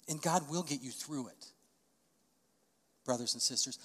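A middle-aged male pastor delivers a storytelling sermon, his voice sitting at an ordinary middle pitch. He swells into loud, emphatic peaks to drive points home. His words ring out with a long reverb, as in a large church sanctuary. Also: a little slow, long pauses, breathy edge.

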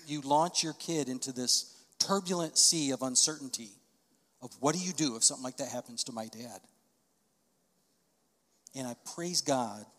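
Storytelling male pastor in a reverberant hall. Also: mid-range voice. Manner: storytelling, swells to emphatic loud peaks. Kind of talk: sermon. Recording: long reverb of a large hall.

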